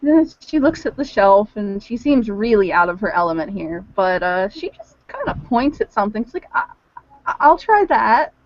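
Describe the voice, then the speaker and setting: A woman's voice: mid-range voice, sing-song, moderate pace, hardly any pauses, a little mellow, dry recording, muffled recording. A woman playing a tabletop game, describing her character's actions in a giggly, hesitant way. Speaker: player.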